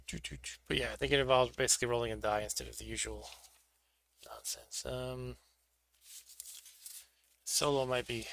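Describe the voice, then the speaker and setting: A man's voice: medium pitch, vocal fry, sharp tone. A man hosting a board game stream, chatting casually and thinking aloud as he sets up pieces for a solo game. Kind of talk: casual solo play-through commentary.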